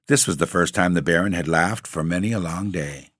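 A man narrating a classic ghost story in a theatrical, measured reading. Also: low voice, a bit bright, no echo, clean studio sound.

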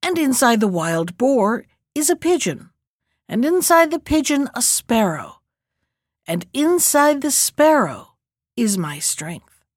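A woman voicing a proud, boastful male dragon in a storybook reading, speaking slowly and mockingly. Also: fairly high pitch, big pitch swings, no echo, clean studio sound, exaggerated voice.

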